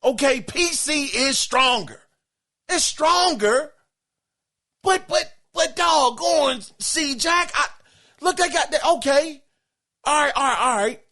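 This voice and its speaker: Male podcast host reading listener mail, lively swinging pitch, bright voice, keeps exclaiming and stammering. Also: slow pace. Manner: animated, exclaiming, laughing, stammering. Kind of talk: casual podcast chat reading listener email.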